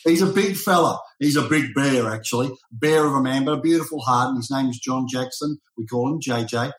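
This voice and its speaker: A man hosting an interview, telling stories in a lively, animated way. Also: medium pitch, brisk, echoey room, poor audio. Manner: animated, storytelling. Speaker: podcast host. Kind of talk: casual interview chat.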